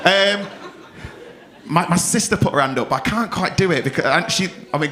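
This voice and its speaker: A man's voice: sits high, animated, fairly quick, sharp tone. A man compering a live comedy night, teasing the crowd with cheeky, swearing banter. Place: comedy club. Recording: live club room with crowd noise.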